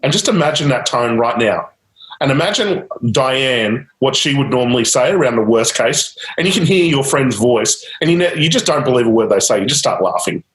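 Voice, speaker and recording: A man guides a client through a live coaching exercise, steering each step with repeated prompts and a quick laugh now and then. His voice sits in the middle range. The sound carries a roomy echo. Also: mid-range voice, animated. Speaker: change-technique coach.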